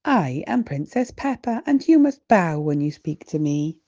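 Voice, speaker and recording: A woman's voice: low voice, very animated, measured pace, no room sound, dull audio, full character voice. A British woman voicing a bossy little girl piglet in a storybook reading. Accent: British English. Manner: bossy, bright piping voice.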